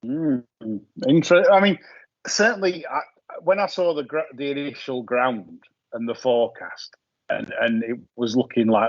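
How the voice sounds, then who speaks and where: A man hosting a casual horse racing chat, talking in quick bursts with frequent restarts. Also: medium pitch, steady tone, dry recording, highs cut off. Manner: chatty, hesitant restarts, laughs at own jokes. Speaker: podcast host.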